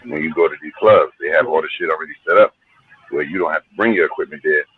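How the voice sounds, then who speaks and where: A man's voice: very deep voice, fast, slightly rough, phone-quality sound. A middle-aged man from New Jersey, a hip hop artist telling stories in a laid-back, slangy, profane way. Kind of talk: casual storytelling interview.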